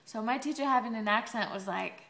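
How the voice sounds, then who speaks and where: A woman's voice: fairly high pitch, a little fast, vocal fry, a bit bright, reverberant. A young woman in college, chatting in a rambling video diary with sarcastic asides. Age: young adult. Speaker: college student vlogger.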